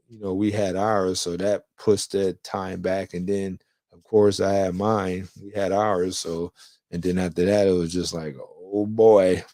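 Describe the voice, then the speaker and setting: A young man talks through his podcast in a loose, rambling way, dropping casual slang as he goes. His voice sits low, and the recording is dry and close, with no room sound around it. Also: darkish tone, no echo. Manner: laid-back, rambling storytelling with casual slang. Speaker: podcast host. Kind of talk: casual solo podcast chat.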